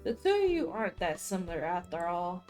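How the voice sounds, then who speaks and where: A woman streaming a story game, reading its text aloud and breaking into loud, profane outbursts. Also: fairly low pitch, very animated, fairly quick, soft background music. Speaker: gaming streamer.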